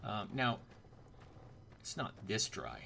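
A chatty man talks his way through a game in a casual let's-play. His voice is gravelly with a lot of fry, and his pitch swings widely as he jokes around. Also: sing-song, slow pace, bright, forceful tone, slight background noise. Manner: chatty, joking asides. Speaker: gameplay commentator.

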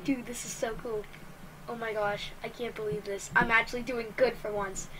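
A woman giving excitable let's play commentary while she plays, exclaiming and talking to herself. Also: a little high, normal speed, slight background noise. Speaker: gamer.

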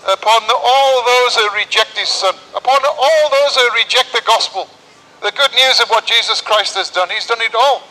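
A man's voice: extremely high pitch, sharp tone, rough recording. A man preaching an open-air sermon on a town street, urgent and full of repeated rhetorical questions.

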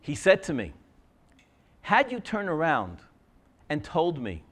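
A man's voice: a little high, normal speed, long pauses. A middle-aged man, a scribe, telling a personal story in a talk and acting out the quoted dialogue. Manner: animated, acts out quoted dialogue.

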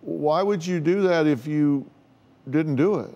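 Blunt American talk show host. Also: male voice, a little high, unhurried, dark tone, highs cut off. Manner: blunt, direct questioning. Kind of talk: probing studio interview.

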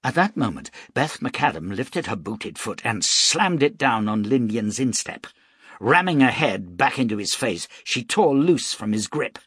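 A man reading an action novel aloud as an audiobook narrator, steady and dramatic. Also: mid-range voice, measured pace, husky, no room sound, clean studio sound. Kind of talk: scripted narration.

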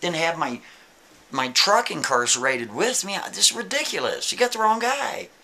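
A desperate man in handcuffs, pleading over and over that he has the wrong guy, his voice pushed up high and loud with strain, as a storyteller puts him on. The tone stays bright and sharp, and the pace is insistent. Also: very animated, normal speed, gravelly, heavily acted.

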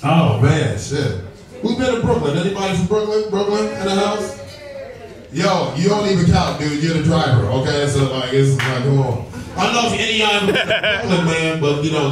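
A man performing a brash, profane stand-up set and bantering with the crowd, his voice sitting a bit high. He is recorded from a distance in a very echoey comedy club. An audience laughs clearly around him.

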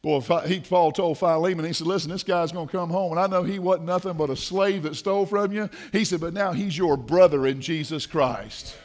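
A man preaching a sermon in a church, fervent, moving from hushed passages to shouting. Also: on the high side, brisk, few pauses. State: dry mouth. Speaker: pastor. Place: church sanctuary.

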